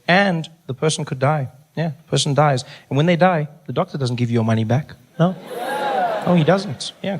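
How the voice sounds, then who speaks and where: A South African man telling a stand-up story, animated, acting out characters with high, shouting voices. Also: slight background noise. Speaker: stand-up comedian. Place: comedy stage.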